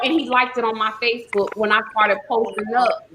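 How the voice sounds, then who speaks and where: A woman, hosting a live talk show, emotional and quick to laugh. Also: a little high, steady tone, crowd noise. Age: 40s. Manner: effusive, emotional, laughing often. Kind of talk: casual live chat. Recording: noisy live stream audio.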